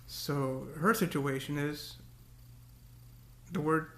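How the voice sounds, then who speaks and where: A man's voice: a little high, takes it slowly, a bit bright, reverberant. A man talking to the camera in a casual, rambling monologue, often repeating words and breaking into cursing rants. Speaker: vlogger.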